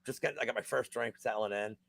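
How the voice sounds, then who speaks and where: A man co-hosting a casual betting podcast, telling animated, profane stories. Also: mid-range voice, quick pace, vocal fry, no echo. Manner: animated, profane storytelling with acted-out quotes. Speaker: podcast co-host.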